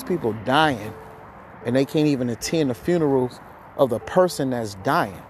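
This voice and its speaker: A man's voice: medium pitch, normal speed, a little mellow, a little hiss or hum. A man hosting a podcast, ranting heatedly with lots of profanity and a rambling flow, somewhat out of breath. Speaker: podcast host. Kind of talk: ranting monologue.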